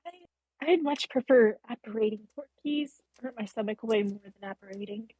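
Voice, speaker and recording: Woman player in a tabletop game, mellow husky voice, dry sound, kinda hesitant. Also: fairly high pitch, normal speed, no room sound, poor audio.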